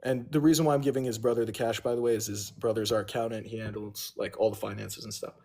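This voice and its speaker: A man's voice: on the low side, little pitch movement, fast talker, darkish tone. A man on a livestream casually telling a long, profane story and owning his mistakes. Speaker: livestream host.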